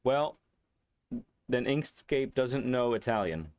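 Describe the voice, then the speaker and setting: A man hosting a live racing game stream, chatting casually with viewers in a relaxed, rambling way, with fillers and chuckles. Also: mid-range voice, slow, dry recording.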